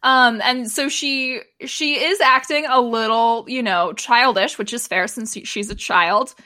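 A woman's voice: on the high side, unhurried, bright, forceful tone, no echo. A woman co-hosting a casual podcast, recapping a TV episode in a chatty way, with lots of fillers and laughter. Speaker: podcast co-host.

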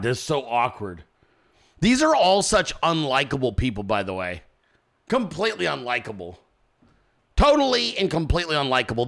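A man tears into debate footage with crude, mocking commentary, his fairly high voice leaping all over the place. The tone is bright and edgy, and he swings from low mutters to loud outbursts. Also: creaky. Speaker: political commentary streamer. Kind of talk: profane reaction commentary.

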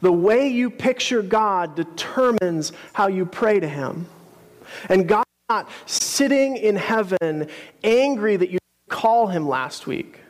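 A man's voice: high voice, animated, slow, big-room sound. A man preaching a sermon, telling a story in a conversational, earnest way with casual asides.

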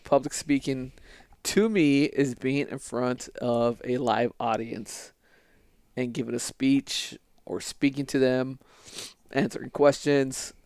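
Teasing man podcaster, clear voice. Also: mid-range voice, fairly even intonation, slow, darkish tone, no echo. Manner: teasing, blunt, swears casually. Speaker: podcast co-host. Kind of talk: casual podcast chat.

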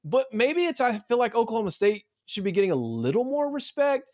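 On a podcast, a high-voiced male co-host talks college football, quick to offer opinions and often restarting his sentences. His tone is casual and animated in this sports chat. The recording is close and dry, with no room sound at all.

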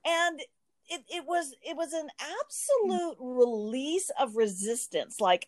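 A woman's voice: high-pitched, animated, takes it slowly, dry recording. A woman in casual podcast conversation, telling a personal story animatedly, often restarting her sentences.

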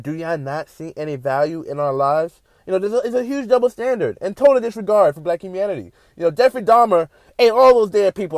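A man delivers a heated podcast monologue, his voice sitting a little high for a man. He keeps circling back with "you know" and mimics the people he argues against. The sound is dry and close, with no room around it. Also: a little mellow, no room sound. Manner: passionate, repetitive "you know", mocking quoted voices. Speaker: podcast host. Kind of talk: impassioned monologue.

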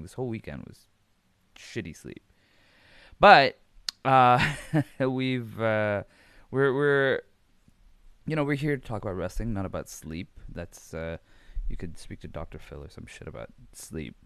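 A man's voice: lowish voice, lively intonation, unhurried, long pauses, fairly bright tone, no echo. A man hosting a casual podcast, rambling and swearing freely while recapping wrestling, laughing often. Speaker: podcast host.

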